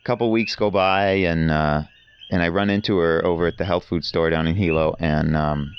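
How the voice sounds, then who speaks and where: A man's voice: low-pitched, steady tone, moderate pace, highs cut off, slight background noise. A man talking as a podcast guest in casual conversation, telling rambling, enthusiastic stories.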